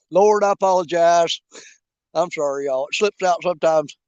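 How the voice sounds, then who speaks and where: A man's voice: a little high, moderate pace, darkish tone, clean tone, no room sound, highs cut off. A man hosting a fishing livestream from a riverbank outdoors, chatting casually in a folksy, joking, rambling way. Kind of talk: casual live chat while bank fishing.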